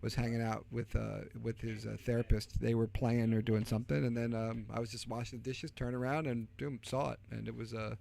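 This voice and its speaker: A man's voice: mid-range voice, level tone, fairly quick, creaky, hardly any pauses, dark tone. A middle-aged man with a Delaware County Philadelphia accent, chatting casually as a podcast co-host and telling rambling stories full of fillers and restarts. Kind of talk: casual chat.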